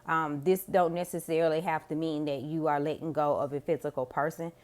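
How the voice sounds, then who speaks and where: Slangy, low-voiced woman tarot reader. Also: fairly even intonation, brisk, darkish tone. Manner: slangy, profane, chatty. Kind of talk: casual tarot reading to camera.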